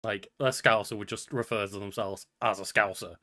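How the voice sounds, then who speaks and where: A man's voice: on the low side, little pitch movement, normal speed, bright, forceful tone. A man co-hosting a podcast in casual chat, upbeat and chatty, often laughing. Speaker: podcast co-host.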